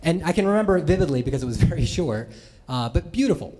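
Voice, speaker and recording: On stage before a live audience, a man from the US Midwest tells comic stories about himself, chatty and self-mocking, tossing asides to the crowd. His voice is fairly high with a dark tone, and he talks quickly with lively intonation.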